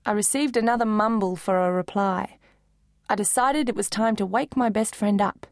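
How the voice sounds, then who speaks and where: A woman narrating a children's book in first person, lively and expressive. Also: mid-range voice, normal speed, vocal fry, no echo, studio quality. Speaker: audiobook narrator.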